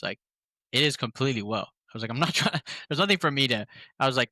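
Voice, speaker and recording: Man, casual podcast chat, bright forceful voice, slangy and animated, dry close sound. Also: medium pitch, quick pace, no room sound. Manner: animated storytelling, quotes his calls in voices; slangy, says "bro" often. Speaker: podcast guest.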